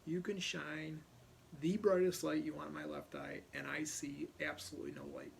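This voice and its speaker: A man's voice: fairly high pitch, flat delivery, moderate pace, creaky, a little hiss or hum. A middle-aged man from Ohio, a police officer, casually telling a personal story and animatedly acting out other people's lines.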